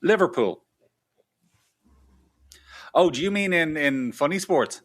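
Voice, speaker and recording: A man's voice: fairly high pitch, expressive, takes it slowly, a bit bright. British male guest, dry wit, mock-offended banter. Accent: British English. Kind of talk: casual chat.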